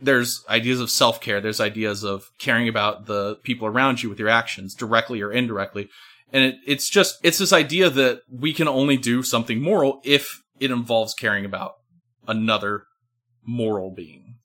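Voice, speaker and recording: A man's voice: mid-range voice, normal speed, pushed and bright. A man co-hosting a casual discussion, lecturing at length and checking in with "right?". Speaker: podcast co-host.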